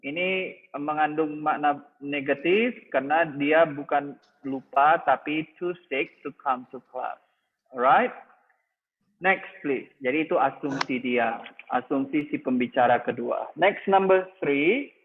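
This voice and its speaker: In a TOEFL listening review class, a man with an Indonesian accent quizzes his students and explains each answer. His voice is fairly high-pitched at a measured pace, and the recording sounds tinny and phone-like with a long echo.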